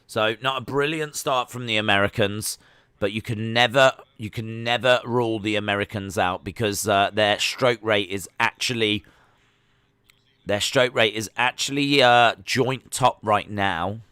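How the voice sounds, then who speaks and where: A man hosting a live sports watch-along, chatting excitedly with many fillers as he reacts. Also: lowish voice, unhurried, smooth, no room sound. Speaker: livestream host.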